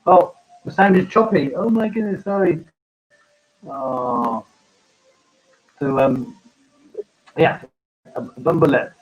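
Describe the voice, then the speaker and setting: Halting farmer hosting a live chat. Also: male voice, on the high side, slightly rough, lo-fi sound. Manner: halting, full of ums and restarts. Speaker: farmer and live-stream host. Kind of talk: casual live-stream chat.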